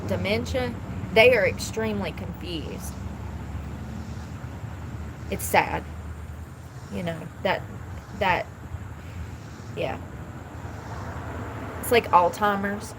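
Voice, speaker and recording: Outdoors near traffic, a woman with a lowish voice chats casually on a live stream, speaking bluntly and thinking aloud. The background is noisy.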